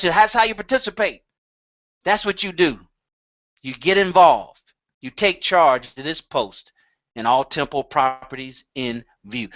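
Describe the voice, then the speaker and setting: A man's voice: on the high side, a bit bright. A man co-hosting a live online call, upbeat and urging listeners to join in. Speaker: co-host. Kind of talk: casual live call-in chat. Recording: dull lo-fi online call audio.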